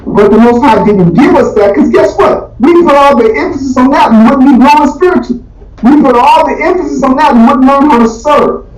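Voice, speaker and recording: A man teaching a Bible class in a casual, animated way, throwing slangy rhetorical questions at his students. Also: very high-pitched, fairly quick. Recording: echoey, distant, dull room recording.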